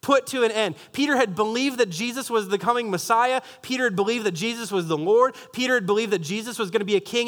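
A high-voiced pastor delivers a sermon in an animated, jokey way. He often restarts his sentences and tosses in wry asides.

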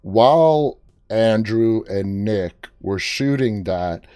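A man's voice: on the low side, expressive, slow, dark tone, no room sound, clean studio sound. A man hosting an interview, asking long, winding questions in a casual way. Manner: conversational, long winding questions, short reactions. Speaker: interviewer, host.

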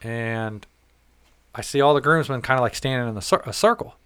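A man's voice: mid-range voice, a little fast, fairly bright tone, clear, resonant tone, dry recording. A man in casual conversation, telling a long story in a rambling, self-correcting way and swearing freely.

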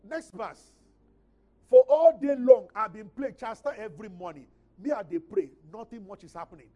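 This sermon comes from a Nigerian-accented male pastor whose voice sits high. He alternates between forceful, booming scripture reading and soft, chatty side remarks.

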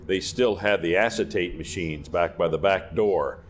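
Low-voiced older man interviewing. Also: moderate pace, a little hiss or hum. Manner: brief agreeing interjections. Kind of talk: casual interview.

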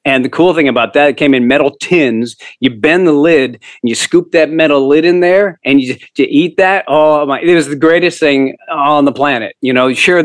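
A middle-aged man from Canada, a humor writer telling stories as a guest in a casual interview, self-deprecating and quick to laugh. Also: on the high side, dry recording.

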